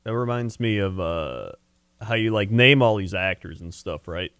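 Lively, teasing podcast co-host man. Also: on the low side, normal speed, clean tone, no room sound, clean studio sound. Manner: teasing, laid-back, laughs along. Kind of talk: casual chat.

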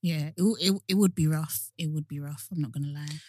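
A woman co-hosting a podcast, calm and thoughtful, often agreeing. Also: low voice, fairly quick, no room sound, studio quality. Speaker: podcast co-host. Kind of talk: casual chat.

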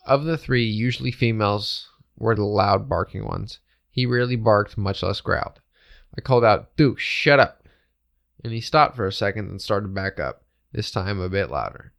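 A man with a low, gravelly voice reads a ghost story aloud. His delivery is steady and matter-of-fact, like a host reading a listener's tale. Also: normal speed.

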